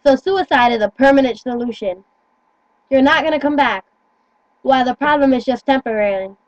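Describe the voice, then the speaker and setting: A woman's voice: sits high, a little fast, no room sound, highs cut off. A teenage girl talking earnestly into a phone in casual chat, rambling and stumbling over her words. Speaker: teen vlogger.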